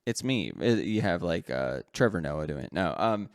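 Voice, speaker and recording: A man's voice: low voice, animated, moderate pace, no echo, clean studio sound. Rambling man chatting on a podcast. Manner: rambling, self-correcting, laughs often. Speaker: podcast co-host. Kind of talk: casual chat.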